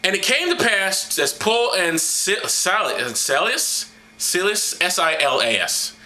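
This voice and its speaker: A man reading scripture mockingly to a camera, tripping over names and throwing in profane asides. His voice is fairly high and jumps around wildly. The tone is bright and brash. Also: sing-song, unhurried, a little hiss or hum. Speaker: comedic Bible reader. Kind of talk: irreverent comedic reading to camera.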